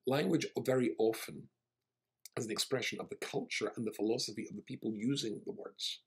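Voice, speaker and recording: A man's voice: medium pitch, brisk, breathy edge. A male rabbi telling a personal anecdote in a wry, self-deprecating way. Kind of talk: storytelling talk.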